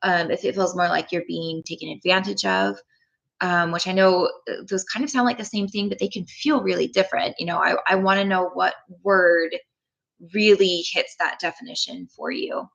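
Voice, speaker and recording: A woman hosting a live tapping session, gentle and encouraging, greeting chat viewers with frequent ums. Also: lowish voice, steady tone, normal speed, vocal fry, highs cut off.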